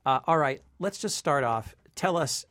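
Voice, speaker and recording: Guy film critic co-hosting a movie chat, kinda high voice, jokey, dry close mic. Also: animated, normal speed, fairly bright tone, dry recording. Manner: playful, laughs easily. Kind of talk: casual chat.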